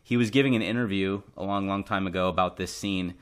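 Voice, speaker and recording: Young male co-host, lower voice, earnest and quick to laugh. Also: steady tone, clear, resonant tone. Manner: earnest, laughs easily, uses many fillers. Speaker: podcast co-host. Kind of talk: casual chat.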